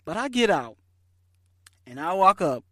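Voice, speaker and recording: A man's voice: high voice, a little slow, no echo, clean studio sound. Chatty man telling a story. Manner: lively, chatty storyteller with slangy phrasing. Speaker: podcast host. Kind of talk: casual storytelling.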